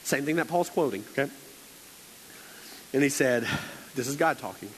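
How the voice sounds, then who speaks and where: A man's voice: medium pitch, lively intonation, moderate pace, pauses often, slight background noise, low-quality recording. A man preaching a conversational sermon, telling stories in a chatty, playful way with lots of fillers and acted-out quotes.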